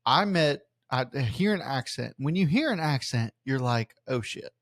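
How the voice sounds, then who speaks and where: A man's voice: medium pitch, animated, moderate pace, a bit bright, no room sound, clean studio sound. Profane young Louisiana man telling stories. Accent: South Louisiana. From South Louisiana. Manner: loose, profane storytelling with many restarts. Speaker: podcast co-host. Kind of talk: casual chat.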